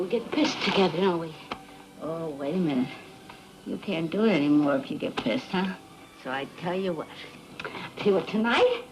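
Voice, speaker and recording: An actress playing a drunk, lonely, bitter wife who slurs and breaks into tearful shouting. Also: female voice, extremely high pitch, rough recording. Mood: drunken taunting. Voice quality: slurred, tearful, shouting outbursts.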